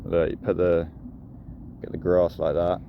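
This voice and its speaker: A man with a very low voice chats casually through an outdoor vlog by a pond, rambling from joke to joke. Traffic and street noise sit clearly behind him in the recording. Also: monotone, measured pace, lo-fi sound. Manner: rambling, jokey, talks to the ducks. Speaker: vlogger. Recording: noisy outdoor street sound.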